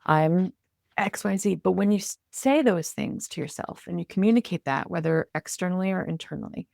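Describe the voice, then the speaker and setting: A woman guest on a podcast, a communication coach talking in an animated, expressive way and acting out her inner self-talk. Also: lowish voice, a little fast, gravelly, no room sound, clean studio sound. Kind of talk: conversational interview.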